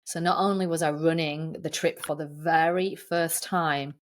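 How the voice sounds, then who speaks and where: A woman's voice: sits low, fairly even intonation, normal speed. A woman guesting on a podcast, telling her story in a candid, earnest way in casual interview chat.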